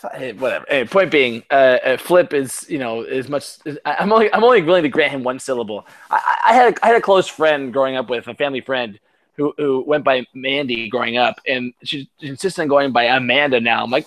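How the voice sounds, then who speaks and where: A man's voice: mid-range voice, brisk, fairly bright tone. A tipsy man co-hosting a sports chat, rambling, profane, full of stammered restarts. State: tipsy from drinking. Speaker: podcast co-host.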